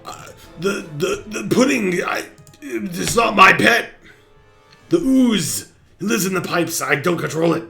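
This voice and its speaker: A man's voice: sits high, expressive, extremely slow, gravelly, long pauses, sharp tone, soft background music, pitched above the performer's own voice, exaggerated voice. A man voicing a jittery, crazed male mechanic who stammers and pleads. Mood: pleading.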